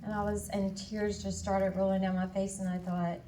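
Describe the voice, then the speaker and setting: A woman's voice: mid-range voice, little pitch movement, normal speed, warm tone, a little hiss or hum. A woman giving a candid personal testimony at a conference, acting out her own past dialogue and inner voice. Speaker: conference speaker. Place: conference hall. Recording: echoey hall, voice from far off.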